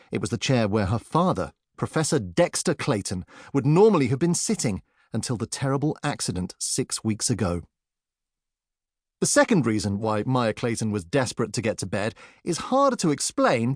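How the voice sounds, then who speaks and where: A man narrating a children's audiobook with expressive storytelling. His mid-pitched voice moves through a lively, animated melody. The recording is dry and close, with no room sound. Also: no echo. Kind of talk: scripted narration.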